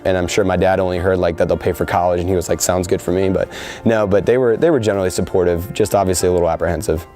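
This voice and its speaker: A man's voice: sits low, fairly even intonation, rapid-fire, warm tone, soft background music. A young man in his twenties speaking earnestly in a sit-down interview, with frequent fillers. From United States. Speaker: soldier interviewed before deployment.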